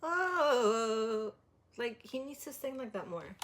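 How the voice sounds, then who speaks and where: High-voiced woman critiquing singing. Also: very animated, slow, music in the background. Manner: demonstrates by singing lines, filler-heavy "like". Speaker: music reaction host. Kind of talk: casual vocal critique.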